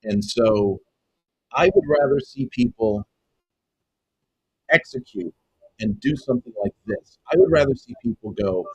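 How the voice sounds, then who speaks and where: A man who runs a web design business, giving an excited, emphatic pitch to viewers and calling them folks over and over. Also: unhurried, gravelly, long pauses, slightly rough, no echo, poor audio. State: excited, half-yelling. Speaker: web design agency owner and coach. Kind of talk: energetic direct-to-camera pitch.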